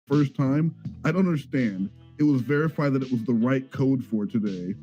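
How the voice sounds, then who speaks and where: A man's voice: medium pitch, normal speed, dark tone, dull audio, faint music behind. A man on a livestream wryly telling a story, with asides along the way.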